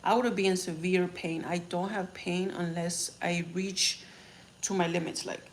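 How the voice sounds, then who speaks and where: A woman's voice: on the low side, fairly even intonation, unhurried. A young woman talking casually on a livestream, reading comments and telling a story in a frank, rambling way with swearing. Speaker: vlogger on a livestream. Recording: faint background noise.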